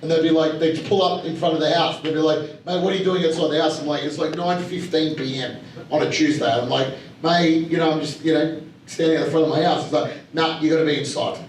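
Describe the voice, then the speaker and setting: A man's voice: on the high side, fairly even intonation, fast talker. A man with an Australian accent talks casually and bluntly to a live audience at an investor evening, with lots of fillers and acted-out quotes. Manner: blunt and chatty, with many fillers and voiced quotes. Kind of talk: casual storytelling talk to an audience. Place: large room at a live event. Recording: roomy echo, speaker heard from some distance, faint background hum.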